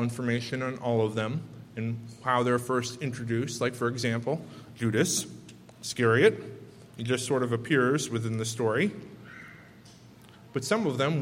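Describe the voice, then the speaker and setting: A man with children, preaching a sermon: he reads scripture and pauses earnestly to explain it and talk straight to his listeners. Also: medium pitch, long reverb tail, a little hiss or hum. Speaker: pastor.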